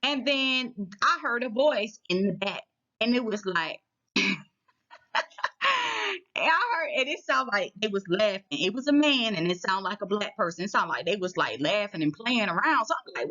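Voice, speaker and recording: Animated woman telling a story, lo-fi sound. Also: mid-range voice, moderate pace. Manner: animated, chatty, checks in with listeners often. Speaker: vlogger. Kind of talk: casual personal storytelling.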